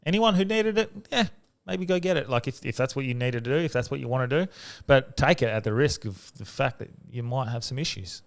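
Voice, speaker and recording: An Australian man hosting a podcast, talking casually in a halting way with many fillers and restarts. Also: medium pitch, animated, gravelly. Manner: halting, full of fillers and restarts, laughs often. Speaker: podcast host. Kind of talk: casual chat.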